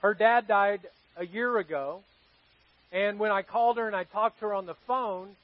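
A pastor with a high voice speaks at a normal pace to his live congregation during a church service, weaving in stories and asking listeners questions in a conversational sermon. The sound is lo-fi, with no echo.

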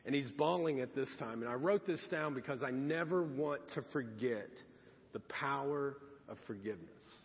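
A man's voice: medium pitch, normal speed. A man, a pastor, telling a personal story in a sermon in a conversational, confiding way. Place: church sanctuary. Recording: reverberant hall, dull lo-fi sound.

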